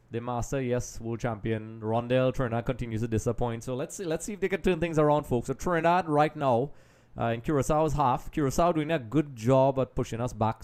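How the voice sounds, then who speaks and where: A man hosting a live football watch-along, chatting straight to viewers and often dropping into quiet mutters while he multitasks. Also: mid-range voice, smooth. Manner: distracted, multitasking while commenting; trails off into quiet mutters and restarts. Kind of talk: casual live match commentary.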